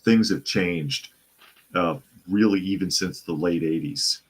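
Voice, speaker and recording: A man's voice: deep voice, unhurried, breathy edge. A man from the Boston area hosting a live talk show, reading viewer comments and answering in a conversational way, often restarting and repeating phrases. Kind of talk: casual opinion talk.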